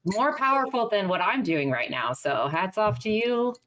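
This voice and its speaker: A woman's voice: mid-range voice, lively intonation, normal speed, noisy background. A woman returning as a guest on a film podcast, chatting casually and bubbly, laughing often. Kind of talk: casual chat.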